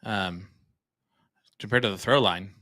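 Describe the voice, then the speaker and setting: A man's voice: lowish voice, measured pace, bright, forceful tone. A man doing live darts commentary, cracking jokes and teasing banter between throws.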